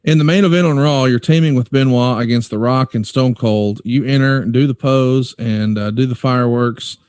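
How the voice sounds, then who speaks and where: Podcast co-host guy, mid pitch, dry close mic, recaps stuff eagerly. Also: normal speed, darkish tone, smooth, no echo. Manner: leads questions, recaps matches eagerly. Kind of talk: casual podcast interview.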